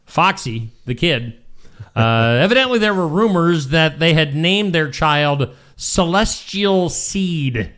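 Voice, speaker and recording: A man's voice: a little high, lively intonation, slow, fairly bright tone. A man co-hosting a morning radio show, joking casually and breaking into silly voices and bits of song.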